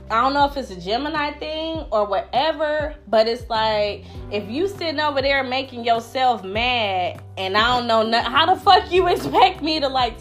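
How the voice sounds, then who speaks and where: A young woman talking casually on a podcast about friendships, loud and blunt, swearing freely and acting out what others say. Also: fairly high pitch. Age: young adult. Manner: loud, blunt, profane, animated storytelling. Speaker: podcast panelist. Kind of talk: casual chat.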